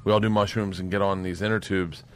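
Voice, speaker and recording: Laughing, swearing comedian telling stories. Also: male voice, sits low, quick pace, a little hiss or hum. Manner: animated storyteller, laughs often, swears freely. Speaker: guest comedian. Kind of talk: casual storytelling chat.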